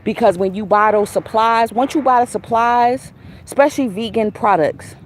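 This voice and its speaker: A woman talking casually to her viewers in a relaxed, laughing, slangy and profane way. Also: on the high side, moderate pace, slight background noise. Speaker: vlogger. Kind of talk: casual chat.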